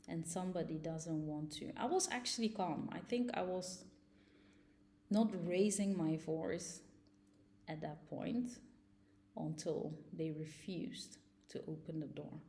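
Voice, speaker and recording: A woman's voice: lowish voice, mellow, slight background noise. A young woman vlogger recounting a personal ordeal, agitated, with frequent fillers and restarts. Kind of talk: personal storytelling.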